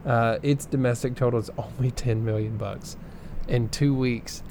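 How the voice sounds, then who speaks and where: A man's voice: medium pitch, steady tone, normal speed, warm tone, slight background noise. A man co-hosting a casual podcast, running through figures with plenty of ums and uhs. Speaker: podcast co-host reading box office numbers. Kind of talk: casual chat.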